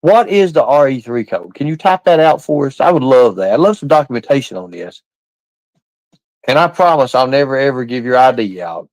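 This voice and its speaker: A man's voice: mid-range voice, big pitch swings, fairly quick, no room sound, low-quality recording. A man hosting a live stream, rambling and repeating himself while quizzing his chat with questions. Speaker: livestream host.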